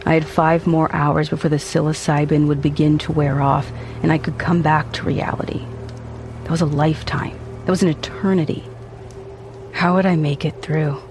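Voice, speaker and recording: A man's voice: fairly high pitch, background noise. Brooding man narrating a haunted tale. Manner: intense, brooding, haunted storytelling. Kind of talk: dramatic first-person audio drama narration.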